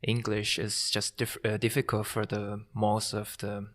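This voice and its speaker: Hesitant Korean-native man, flat low voice. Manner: hesitant, halting second-language speech. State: nervous. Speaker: course participant, guest. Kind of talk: casual interview.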